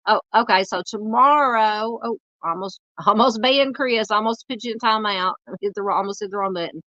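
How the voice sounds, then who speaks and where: A woman in her forties with a Southern US accent, hosting a true crime livestream and chatting loosely with viewers, halting and full of fillers. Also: mid-range voice, bright, forceful tone, no echo, muffled recording. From United States. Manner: rambling, halting, lots of fillers while searching the screen. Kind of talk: casual livestream chat reading comments.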